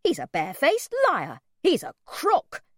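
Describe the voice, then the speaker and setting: A woman voicing an indignant, sharp-tongued mother who speaks slowly and emphatically, in a storybook reading. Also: high-pitched, wildly swooping pitch, no room sound, studio quality, voice pushed up, heavily acted. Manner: emphatic, slow, outraged.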